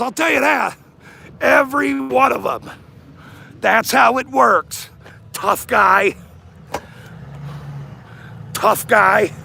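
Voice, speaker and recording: Gravelly, bright-voiced man taunting on a livestream. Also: very high voice, slight background noise. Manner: taunting, shouting insults, laughing often. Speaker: livestreamer confronting people. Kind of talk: livestream rant. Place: outdoors in a parking lot. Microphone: handheld camera.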